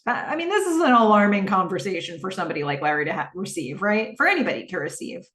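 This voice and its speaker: Very animated and quick, with few pauses, a woman with a mid-range, fairly bright voice recaps a TV episode on her podcast. She's chatty and acts out the characters' lines. The sound is echoey, with the mic set far away.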